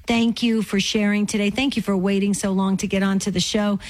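An enthusiastic woman hosts a call-in radio show at a middling pitch, praising callers and reading out announcements in an effusive rush. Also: little pitch movement, a little mellow, low-quality recording. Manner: enthusiastic, effusive, quick asides.

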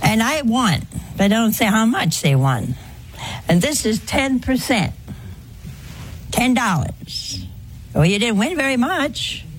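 Slow, folksy older woman preaching. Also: on the high side, very animated, a little hiss or hum. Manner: folksy, conversational, with rhetorical questions and gentle humor. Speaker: religious speaker. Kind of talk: talk to an audience on confession.

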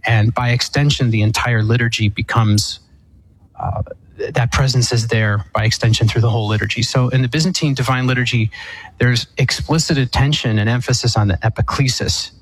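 A man, an Eastern Catholic priest, explaining theology on a call-in show in a measured, thoughtful way with fillers and restarts. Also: mid-range voice, fairly even intonation, breathy edge, poor audio.

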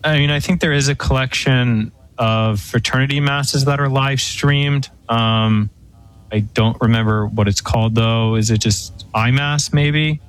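A priest on a radio call-in show, explaining church rules in a measured way with frequent pauses and fillers. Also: male voice, medium pitch, rough recording. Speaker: priest answering questions.

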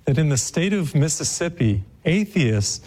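A man giving a sermon, earnest and storytelling, slowing down to stress scripture verses. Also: fairly high pitch, sing-song, darkish tone, breathy edge. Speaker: preacher.

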